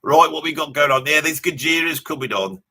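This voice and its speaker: A man plays a brash, mouthy metalhead bloke with a Birmingham accent while hosting a live reaction stream, blustering and rambling, swearing casually, and laughing at his own jokes. His exaggerated voice is a little high, husky, bright, and forceful, and he talks fairly quickly. The mood is blustery.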